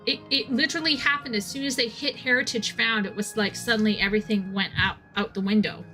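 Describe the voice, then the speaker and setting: A woman's voice: on the high side, fast, soft background music. A young woman chatting casually while streaming a game, telling a rambling story with many restarts and asides. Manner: rambling, self-interrupting, animated storyteller.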